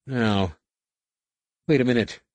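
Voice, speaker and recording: A man voicing a nervous, fast-talking human smuggler captain who pleads in a hurried, higher voice. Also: darkish tone, dry recording, close to an everyday voice. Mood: alarmed.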